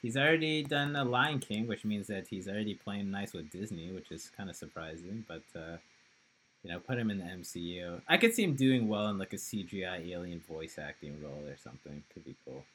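A man co-hosting a casual podcast, joking and rambling with quick laughs. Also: low-pitched, lively intonation, a bit bright, slight background noise, poor audio. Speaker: podcast co-host. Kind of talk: casual chat.

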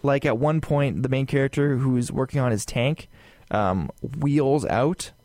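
A man co-hosting a casual gaming podcast, talking in a rambling, animated way with lots of fillers and asides. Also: mid-range voice, unhurried, dry recording. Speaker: podcast co-host.

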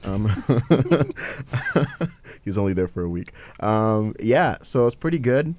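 A man's voice: fairly low pitch, animated, slow, darkish tone. A man hosting a casual podcast film review, rambling with fillers and laughing often. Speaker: podcast host.

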